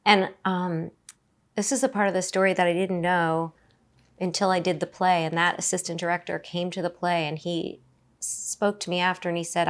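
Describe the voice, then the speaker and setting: A middle-aged woman, a podcast guest, tells a personal story haltingly, with many fillers and restarts. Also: fairly low pitch, level tone.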